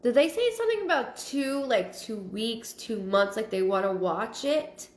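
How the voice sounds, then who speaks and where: A woman's voice: on the high side, big pitch swings, normal speed. A woman psychic medium hosting a live stream, reading out viewer comments and thinking aloud in fragmented, repeated phrases. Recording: roomy echo.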